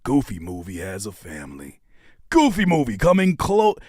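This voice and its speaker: An animated man hosting a live music reaction stream, his voice swinging widely up and down as he jokes and riffs. He repeats phrases for emphasis in a casual, conversational way. The sound is dry and close. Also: lowish voice, normal speed, dry recording. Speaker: host reviewing music submissions. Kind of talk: casual livestream reaction chat.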